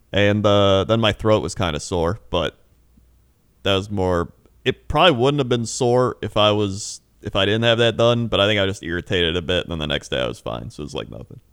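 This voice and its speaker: A man's voice: lowish voice, a bit bright, smooth, no echo, studio quality. A young man in casual podcast chat, telling rambling stories and laughing often. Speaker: podcast co-host.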